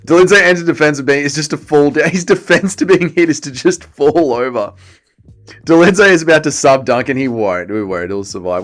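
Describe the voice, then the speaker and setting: Mocking, foul-mouthed Australian man. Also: medium pitch. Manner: profane, mocking, reads chat aloud. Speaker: livestream host. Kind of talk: casual fight-watching commentary.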